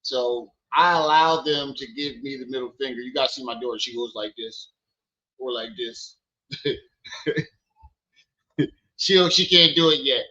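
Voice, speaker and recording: A man hosting a casual live stream from home, teasing his kids loudly and then chatting with viewers. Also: medium pitch, measured pace, long pauses, muffled recording. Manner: loud playful teasing with his kids, then relaxed talk. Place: at home with children.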